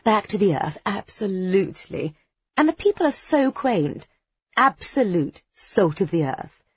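A woman's voice: mid-range voice, very animated, unhurried, husky, highs cut off, full character voice. A woman voicing a smug, fashionable businesswoman who gushes on the phone in an affected way. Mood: smug gushing. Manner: gushing, affected phone chatter. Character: smug posh businesswoman, fashionable and self-satisfied.

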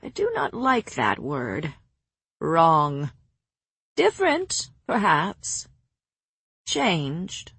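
A woman voicing an ancient female healer who speaks slowly with blunt, quiet firmness. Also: deep voice, wildly swooping pitch, husky, no room sound, heavily acted. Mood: grave. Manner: slow, measured, quietly firm.

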